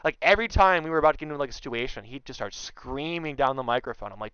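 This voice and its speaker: A young man telling a story in casual chat, animated and loudly acting out what others said. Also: medium pitch, rapid-fire, few pauses, clear, resonant tone, dry recording, muffled recording. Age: young adult. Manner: animated, acts out quotes loudly. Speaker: guest.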